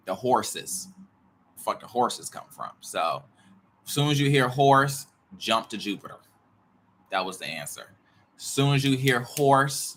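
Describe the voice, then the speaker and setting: Rambling man with a bright, forceful voice. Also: fairly low pitch, slight background noise. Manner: repetitive, jumps between ideas, mutters swears to himself. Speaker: astrology and tarot teacher. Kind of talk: rambling casual monologue.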